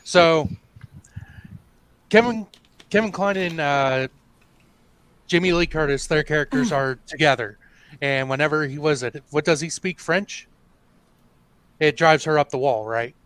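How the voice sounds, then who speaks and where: Bright, fairly high-voiced rambling man. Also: a little slow, long pauses. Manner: rambling storyteller. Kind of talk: casual stream chat.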